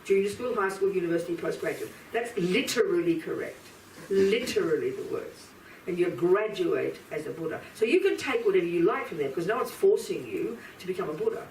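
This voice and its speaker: A woman's voice: lowish voice, lively intonation, a little fast, darkish tone, a little hiss or hum. A woman giving a live Buddhist lecture to an audience. She speaks bluntly and with emphasis, addressing her listeners directly. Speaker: Buddhist teacher. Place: teaching room with audience. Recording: roomy hall from a distance, faint ambience.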